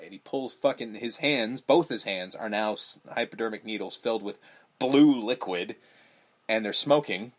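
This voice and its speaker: A man's voice: lowish voice, moderate pace. A man hosting a podcast, casually recapping a horror movie with lots of swearing and acted-out lines. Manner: profane, animated, acts out movie lines. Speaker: podcast host.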